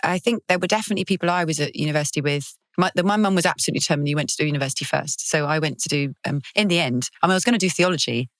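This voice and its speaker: Quick, witty woman from Kent. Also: sits low, dry recording. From Kent, England. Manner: quick, witty, self-deprecating storytelling. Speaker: guest performer. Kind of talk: casual podcast interview.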